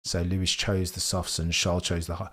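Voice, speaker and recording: A young British man commentating a live race session for a stream, reacting to chat and swinging between loud excitement and deflated muttering. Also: sits low. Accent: British English. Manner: reads and answers chat. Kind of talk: live watch-along commentary.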